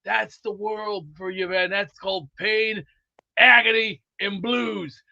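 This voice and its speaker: Bright, high-voiced rambling male host. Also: steady tone, slow, creaky. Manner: rambling and boisterous, full of movie quotes. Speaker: host of a sports talk show. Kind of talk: live sports talk chat. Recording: dull lo-fi audio.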